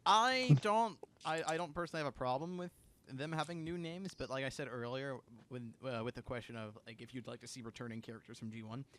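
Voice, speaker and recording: A man co-hosting a casual podcast who jokes around and gets excited, often restarting his sentences. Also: mid-range voice, brisk, slight background noise. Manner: excitable, joking, with frequent restarts. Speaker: podcast co-host.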